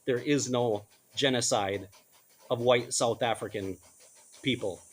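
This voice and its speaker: A man's voice: mid-range voice, unhurried. A middle-aged man giving blunt, casual commentary, stumbling over names and correcting himself as he goes. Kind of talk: casual commentary reading news aloud.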